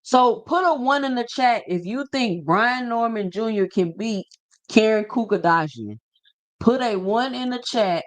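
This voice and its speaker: A man's voice: sits high, expressive, unhurried. A man hosting a boxing livestream, talking casually and slangily straight to his chat and reading out viewer comments.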